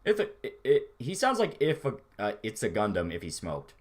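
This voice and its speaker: A man's voice: mid-range voice, wildly swooping pitch, moderate pace. A man chatting casually on a livestream, rambling and swearing freely as he reacts to his chat. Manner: rambling, profane, laid-back. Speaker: streamer reading chat.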